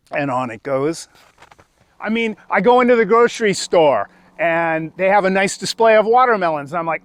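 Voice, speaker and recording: A male stand-up comedian with a high voice tells a rambling story, jumping into the voices of the people in it. The sound is dry and close, with no room around it. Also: normal speed, dry recording. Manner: acts out characters with sudden high-pitched voices.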